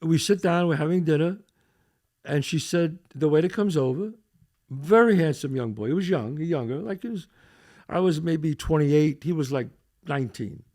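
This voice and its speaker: A podcast host with a slightly high voice and moderate pace tells a story in casual chat. He's an animated storyteller, acting out what people said.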